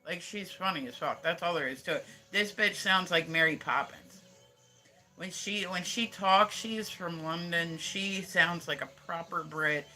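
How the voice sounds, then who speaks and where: Sharp-voiced man rambling on a livestream. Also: on the high side, a little slow, faint music behind. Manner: rambling, profane, heavy use of "like". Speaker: live streamer. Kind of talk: casual livestream chat.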